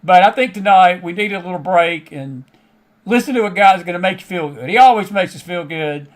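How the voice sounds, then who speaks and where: A man's voice: sits high, animated, a little fast. A middle-aged man with a Southern American accent, hosting a show and talking in a folksy, chatty way to his audience. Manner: folksy, chatty, frequent laughs and asides. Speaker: host. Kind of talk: casual monologue to a live online audience.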